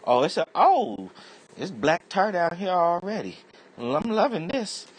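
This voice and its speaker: A delighted little germ crows about its new home in a smoker's lungs, as a man puts it on. The voice jumps way up into a thin squeal, loud and pleased with itself. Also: sits high, big pitch swings, a little slow, slightly rough, voice pushed up, full character voice, low-quality recording. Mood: gleeful.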